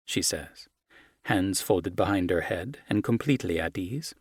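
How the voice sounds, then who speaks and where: A man narrating a romance audiobook in the first person, in a measured, soft, intimate manner, on a close microphone. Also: deep voice, no room sound.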